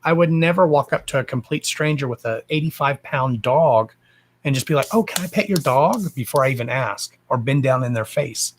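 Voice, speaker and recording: A man's voice: mid-range voice, normal speed. A man hosting a casual livestream from home, talking bluntly and swearing freely in a fired-up, emphatic rant. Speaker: livestream host.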